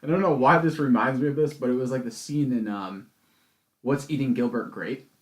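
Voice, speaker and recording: Excitable man chatting on a podcast. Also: medium pitch, brisk. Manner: excitable, loud, laughs often. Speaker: podcast co-host. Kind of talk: casual chat.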